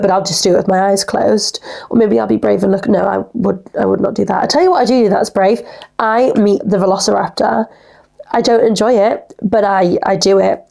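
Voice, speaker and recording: A woman's voice: mid-range voice, gravelly, mellow. A young woman, hosting a casual solo podcast in a rambling, chatty way full of "like". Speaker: podcast host.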